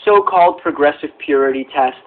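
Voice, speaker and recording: A man hosting a political show, speaking carefully and deliberately with hedges. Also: on the high side. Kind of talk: measured political commentary. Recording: phone-like narrow audio clip.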